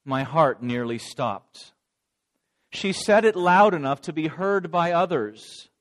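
A man's voice: fairly high pitch, expressive, slow pace. A man voicing a remorseful adult male disciple, telling of his denial in a dramatic first-person monologue.

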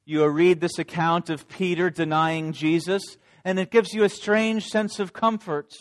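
Brief: male preacher, speaks straight to the congregation, somewhat high voice. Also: steady tone, a little slow. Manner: addresses listeners directly. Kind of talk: sermon.

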